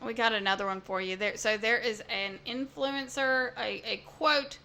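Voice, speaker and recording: Bright-voiced blunt woman. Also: fairly high pitch, fairly even intonation, normal speed, a little hiss or hum. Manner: blunt, opinionated. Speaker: podcast co-host. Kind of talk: casual chat.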